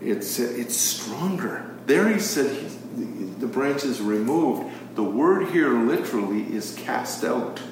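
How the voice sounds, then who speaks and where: A man leads a Bible study, stopping often on an "uh" and asking his listeners question after question. His voice sits at an ordinary middle pitch. It carries a lot of echo, picked up from across the room, with a faint hiss of room noise underneath. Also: expressive, slow, hardly any pauses. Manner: poses rhetorical questions and reads scripture aloud, with frequent fillers. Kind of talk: teaching a Bible study to a live group. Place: room with a live group. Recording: very echoey room, far from the mic.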